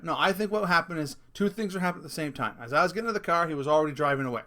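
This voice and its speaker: A man's voice: on the high side, racing, hardly any pauses, bright, forceful tone. A middle-aged man vlogging a casual rant, telling a story with swearing and laughing at himself.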